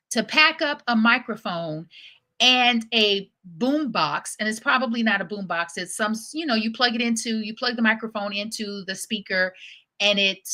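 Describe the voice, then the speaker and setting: A woman hosts her own livestream, telling personal stories in a chatty, lively way and acting out the voices of the people in them. Her voice sits a little high and comes across bright and forceful. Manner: chatty, lively storyteller who acts out quotes. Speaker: host. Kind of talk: casual storytelling livestream.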